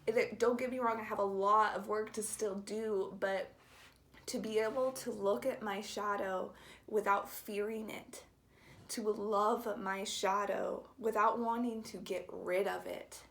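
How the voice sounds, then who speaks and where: Young woman vlogger, heartfelt personal story, gentle and hesitant, occasional whispered phrases. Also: medium pitch. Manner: soft, halting and heartfelt, drops into whispers.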